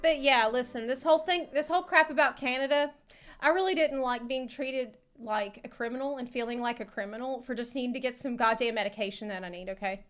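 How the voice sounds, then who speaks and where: Tired, laughing streamer woman, high voice. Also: brisk, fairly bright tone, soft background music. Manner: laughs often, rambling. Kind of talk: casual chat stream.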